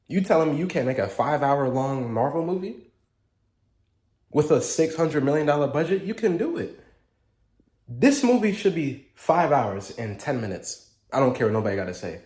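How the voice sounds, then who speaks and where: A man talking casually as a trailer reaction vlogger, hyped and excitable, swinging between laughing outbursts and quieter musing. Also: medium pitch, moderate pace.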